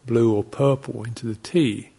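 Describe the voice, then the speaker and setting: The meditation-teaching monk keeps his intonation fairly even and his pace moderate, his gravelly, husky voice sitting at a typical male pitch. His dharma talk is casual and digressive, moving between stories with quiet laughs and brief acted-out reactions.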